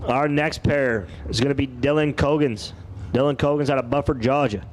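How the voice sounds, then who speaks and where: A man's voice: medium pitch, steady tone, moderate pace, a little hiss or hum. Folksy drag race announcer, man. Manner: folksy, playful announcer banter. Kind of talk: live race commentary. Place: outdoor dragway.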